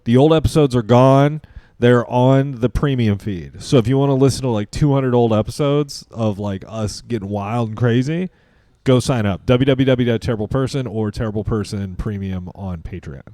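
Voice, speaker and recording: A man's voice: mid-range voice, normal speed, mellow, dry recording, studio quality. A man co-hosting a podcast in casual chat, loose and joking, firing off rambling questions. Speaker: podcast co-host.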